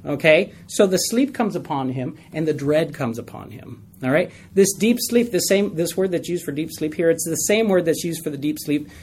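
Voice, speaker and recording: Man teaching a lively Bible study. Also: on the high side, normal speed, hardly any pauses, slight background noise. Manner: conversational, asks the group questions, tells stories with laughs.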